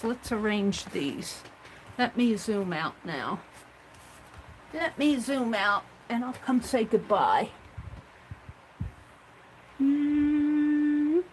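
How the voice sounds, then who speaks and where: A woman's voice: fairly high pitch, a little hiss or hum, poor audio. A woman hosting a casual craft livestream, chatting to herself and viewers as she tidies her supplies at home. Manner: chatty, talks herself through tidying up.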